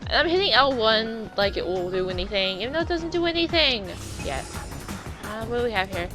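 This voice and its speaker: A woman's voice: a little high, lively intonation, brisk. A young woman giving casual, chatty let's-play commentary, self-deprecating and full of exclamations. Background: game music.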